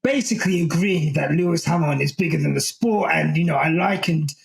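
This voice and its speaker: A man co-hosting a casual podcast, his voice pitched fairly high with a gravelly, fry-edged texture. He rambles loosely, filling gaps with ums as he works toward his point. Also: fairly quick, rough recording. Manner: rambling, many ums, laughs. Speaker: podcast co-host.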